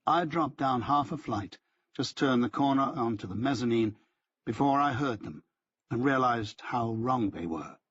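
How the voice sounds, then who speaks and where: A man's voice: mid-range voice, husky, lo-fi sound. A man narrating a novel in the first person, dry and understated, giving the other characters small voices of their own. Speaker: audiobook narrator.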